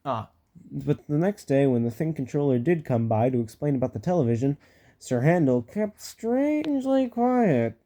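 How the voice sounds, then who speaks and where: Guy reading a kids' train book out loud, chill, jokes to himself, trips on words. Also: fairly high pitch, sing-song, moderate pace. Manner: casual, with joking asides and stumbles. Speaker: storybook reader. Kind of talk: reading a children's book aloud.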